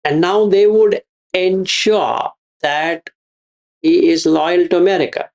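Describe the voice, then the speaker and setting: A man's voice: sits high, fairly even intonation, slow pace, a little mellow. A man giving a Buddhist teaching, repeating his phrases and asking rhetorical questions. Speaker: meditation teacher.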